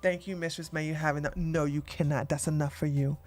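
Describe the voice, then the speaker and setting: A woman voicing a stern, teasing dominatrix mistress, giving slow, low, mock-commanding orders. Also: fairly even intonation, darkish tone, soft background music, close to an everyday voice.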